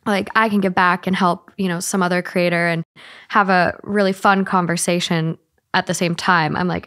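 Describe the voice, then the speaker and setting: A woman's voice: on the low side, little pitch movement, moderate pace, a bit bright. A woman speaking as a guest on a podcast, earnest and openly emotional. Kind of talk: casual interview.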